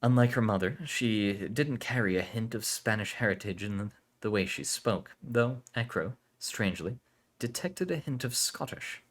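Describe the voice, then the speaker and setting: A man calmly narrating a story for a relaxed listen. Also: lowish voice, normal speed, few pauses.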